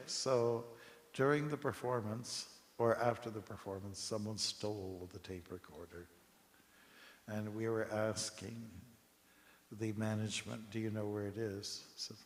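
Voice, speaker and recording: A man giving a scripture class in a temple hall, telling relaxed anecdotes with chuckles and asides to the audience. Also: on the low side. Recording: long hall reverb with faint hiss.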